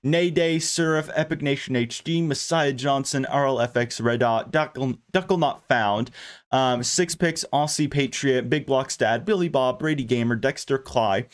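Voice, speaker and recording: Man, gaming host, casual play-by-play commentary, chatty, thinks out loud, lots of ums and restarts. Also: mid-range voice, unhurried. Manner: chatty, thinks aloud with frequent fillers and restarts.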